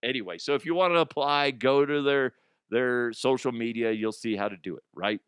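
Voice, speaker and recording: A man's voice: mid-range voice, moderate pace, a bit bright, smooth, no echo, clean studio sound. A man hosting a comedy news show, rambling and profane, often dropping into silly put-on voices.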